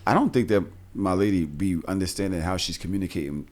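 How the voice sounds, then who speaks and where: A man's voice: low-pitched, fast. A man hosting a podcast, reacting with blunt jokes in casual chat. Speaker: podcast host.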